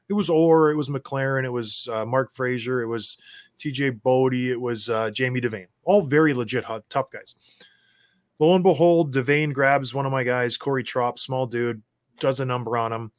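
A man, a former hockey enforcer, telling stories as a guest in a casual chat and getting loud as he acts out his own rants. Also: medium pitch, fairly even intonation, moderate pace, no room sound, clean studio sound. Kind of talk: casual storytelling.

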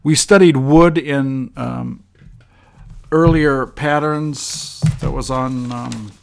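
Man, English teacher, slow unhurried pace, mid-range voice, reads example sentences, frequent ums. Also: mid-range voice, fairly even intonation, creaky, slight background noise.

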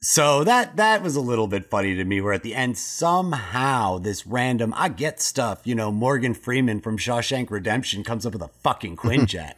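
A man hosting a casual podcast chat, talking in an animated way, ranting and swearing freely. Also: mid-range voice, normal speed, hardly any pauses. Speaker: podcast host.

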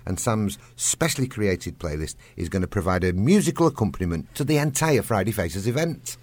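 A man's voice: fairly low pitch, big pitch swings, a little fast, no room sound. A man co-hosting a scripted charity news podcast, reading in an upbeat, promotional way. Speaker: podcast co-host.

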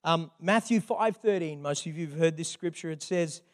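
A man's voice: fairly high pitch, moderate pace. An older man, a grandfather, preaching a sermon in a chatty, conversational way with frequent asides. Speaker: pastor.

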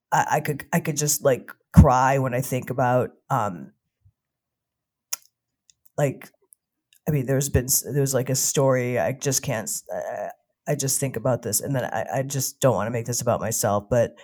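A woman in recovery telling her own story in an emotional, halting way, often repeating words. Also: extremely low pitch, a little mellow. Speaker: guest in recovery from addiction.

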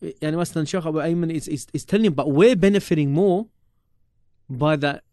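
A man, telling stories from his student days in a casual, animated way, often repeating himself and dropping in Arabic religious terms. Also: a little high, a little fast, dry recording, studio quality. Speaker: podcast guest recalling his teachers. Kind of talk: casual storytelling chat.

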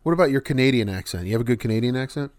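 A man's voice: mid-range voice, animated, very fast, darkish tone, no room sound, clean studio sound. A man co-hosting a casual podcast chat, rambling with many false starts. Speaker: podcast co-host.

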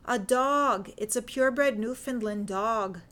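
A brisk, teasing young lady detective from a period audiobook tale, impatient and quick to explain. A woman voices her in her own voice. Her talk is brisk and a little sharp. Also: on the high side. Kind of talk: fan fiction audiobook reading.

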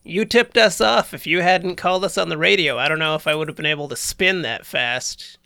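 An easygoing woman at a game table who giggles now and then. Her voice is low and gravelly with vocal fry. The recording is close and dry. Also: brisk, pushed and bright, dry recording. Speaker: player. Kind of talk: casual tabletop play chat.

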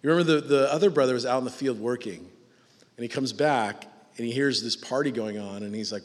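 A man preaching a sermon, animated and mocking in his asides, acting out the voices he quotes. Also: mid-range voice, a little fast, big-room sound. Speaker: pastor.

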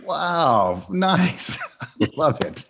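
A host interviewing a guest, upbeat and quick to laugh while asking rapid-fire questions. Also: male voice, fairly high pitch, sing-song, fairly bright tone, slight background noise.

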